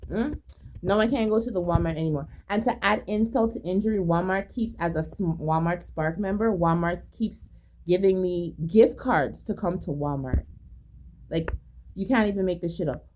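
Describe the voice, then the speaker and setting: A woman's voice: on the low side, normal speed, a little mellow, slight background noise. A woman telling a personal story in a casual monologue, agitated, profane, emphatic and repetitive. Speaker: storyteller recounting a personal incident.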